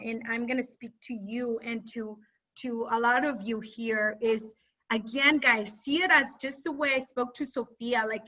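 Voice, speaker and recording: A woman side hustle coach rallying her students on a video call, energetic and direct. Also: high voice, muffled recording. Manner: energetic, rallying, talks straight to the group.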